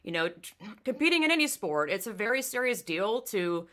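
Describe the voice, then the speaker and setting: A young woman chatting casually on a podcast, telling animated stories that burst into loud, profane rants. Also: medium pitch, a little fast. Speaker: former amateur cyclist.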